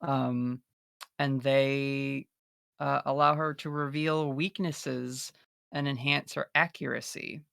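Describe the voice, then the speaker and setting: Rambling man with a gravelly voice. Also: medium pitch, little pitch movement, slow, fairly bright tone, dry recording, clean studio sound. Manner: rambling, filler-heavy, laughs easily. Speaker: player. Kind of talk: describing a character in a tabletop game.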